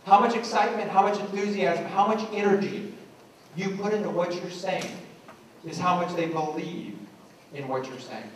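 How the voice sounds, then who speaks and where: Middle-aged guy giving a lively teacher talk, kinda high voice, lots of echo. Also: normal speed, a little hiss or hum. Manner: animated storyteller acting out voices. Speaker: education speaker. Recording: echoey room from a distance.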